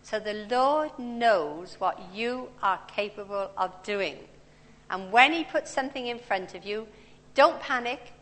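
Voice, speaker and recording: A woman's voice: medium pitch, lively intonation, a little slow, fairly bright tone. Woman in her sixties preaching. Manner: conversational, storytelling with personal anecdotes. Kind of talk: sermon. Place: large church hall. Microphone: handheld or stand mic. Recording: long church reverb.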